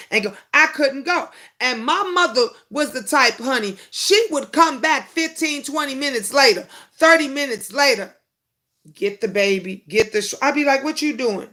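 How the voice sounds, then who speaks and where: A middle-aged woman hosting a casual live chat, answering viewer comments and telling animated family stories. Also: high-pitched. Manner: animated storytelling, acting out family quotes. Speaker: host of a live chat show.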